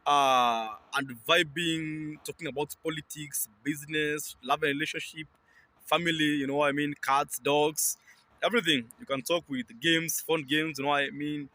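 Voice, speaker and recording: Guy hosting the clips, pretty bright sharp voice, lots of um uh you know what i mean. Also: a little high, fairly even intonation, normal speed. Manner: hesitant, many ums and filler phrases. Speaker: compilation channel host. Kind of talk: casual storytelling.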